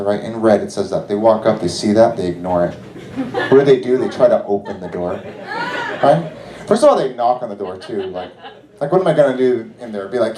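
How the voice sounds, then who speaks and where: A man performing a stand-up comedy set on a theater stage, rambling and animated, checking in with "right?" as he goes. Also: medium pitch, a little fast. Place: theater stage with live audience. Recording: echoey theater with crowd laughter.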